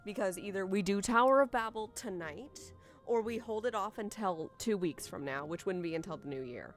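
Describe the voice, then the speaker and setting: A woman's voice: medium pitch, lively intonation, normal speed, soft background music. A young woman streaming a game and chatting with friends, playful, laughing often and swearing freely. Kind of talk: casual chat while gaming.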